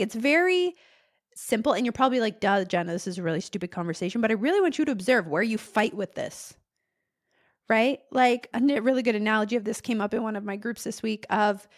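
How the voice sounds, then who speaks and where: A young adult woman hosting a casual solo podcast as a therapist, talking conversationally and acting out frustrated inner voices. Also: a little high. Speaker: podcast host and ADHD therapist.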